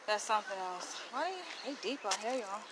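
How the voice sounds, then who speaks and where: A woman's voice: medium pitch, fairly quick. A woman talking to her viewers while walking outdoors, chatty and blunt, calling them y'all. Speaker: vlogger. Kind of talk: casual walking vlog. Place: outdoors on a city walk. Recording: outdoor street noise.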